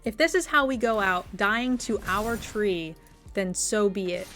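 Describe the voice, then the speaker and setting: A woman's voice: mid-range voice, unhurried, fairly bright tone, soft background music. A woman streamer giving gameplay commentary, thinking aloud and playfully exasperated as she plays.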